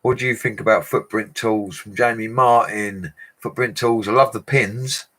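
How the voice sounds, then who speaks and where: Low-voiced tradesman chatting on a livestream, matey and quick to laugh while reading comments. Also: fairly even intonation, fairly bright tone. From England. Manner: chatty, laughs often, talks to viewers as mates. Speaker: bricklayer livestreamer.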